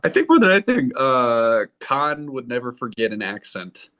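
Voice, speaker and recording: A man's voice: mid-range voice, very animated, normal speed, a bit bright. A man who is an actor, a guest in a casual podcast chat, speaking wryly and hesitantly with many ums.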